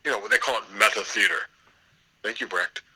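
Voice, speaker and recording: An older man telling theater anecdotes in an interview. His voice sits low but comes across bright and forceful as he gets animated. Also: brisk, breathy edge, rough recording. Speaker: theater professor. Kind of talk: storytelling interview over a call.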